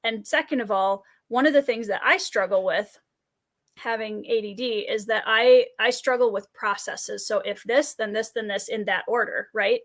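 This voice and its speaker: A woman hosting a casual podcast chat, talking in a quick, chatty way and laughing easily. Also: a little high, a bit bright. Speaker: podcast host.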